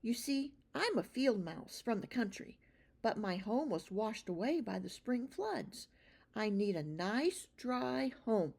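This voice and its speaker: A woman's voice: fairly high pitch, very animated, slow, creaky, husky, heavily acted. Woman doing a shy stammering field mouse. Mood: wistful. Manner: quiet, hesitant, stammering. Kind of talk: children's storybook reading.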